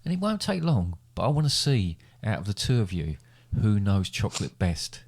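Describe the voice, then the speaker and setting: A man's voice: lowish voice, big pitch swings, moderate pace, creaky, a little mellow. A middle-aged man hosting a casual family podcast, running a quiz with playful game-show build-up. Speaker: podcast host, quiz master.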